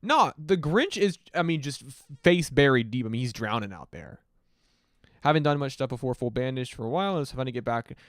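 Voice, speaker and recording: Male stream host, mid-pitched, smooth clean tone, dry close sound, profane rambling music reviewer. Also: very animated, fairly quick, a bit bright, no echo. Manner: loose, rambling and profane, many fillers. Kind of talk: casual livestream commentary.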